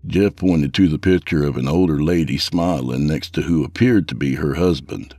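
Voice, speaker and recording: A man reading a scripted horror tale in a measured, even storytelling voice. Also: extremely low pitch, dry recording.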